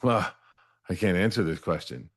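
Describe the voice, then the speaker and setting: A middle-aged man with a low, sing-song voice and moderate pace earnestly relates his life story as a guest in an interview. He repeats words as he starts thoughts and checks in with "right?" after each point, keeping it candid and personal.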